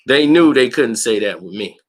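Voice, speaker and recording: A man's voice: medium pitch, moderate pace. A man hosting a boxing channel, telling a story in a blunt, slangy, combative way and acting out other people's lines in a raised voice. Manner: animated, acts out quotes in a raised voice. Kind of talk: casual storytelling monologue.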